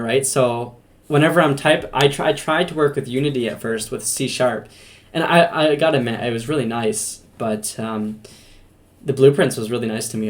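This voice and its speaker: A man hosting a casual podcast interview, asking rambling questions and laughing easily. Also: mid-range voice. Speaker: podcast host.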